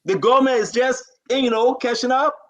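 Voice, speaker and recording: A man's voice: very high voice, normal speed. A man hosting a talk show, giving fervent political commentary full of pleading and scolding repetitions.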